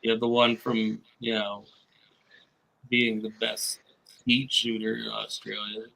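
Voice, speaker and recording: A man's voice: on the low side, flat delivery, takes it slowly, creaky, sharp tone, rough recording. A man in casual, crude banter with friends while gaming, teasing and swearing.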